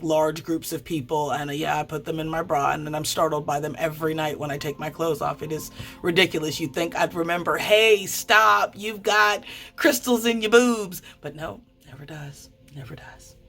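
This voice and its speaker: Chatty, foul-mouthed woman reading tarot. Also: deep voice. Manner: chatty, swears freely, stammers and restarts. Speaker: tarot reader. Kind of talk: casual tarot card reading.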